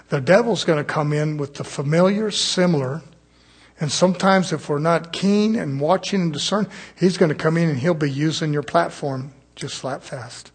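A man preaching a sermon as pastor, swinging from loud fervent build-ups to quiet asides. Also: on the high side, breathy edge.

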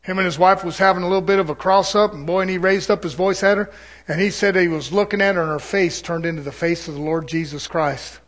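Mixing humor and laughter into his scripture, a pastor preaches folksily, swinging between quiet asides and loud, impassioned passages. His voice is high and steady in tone, with a quick pace.

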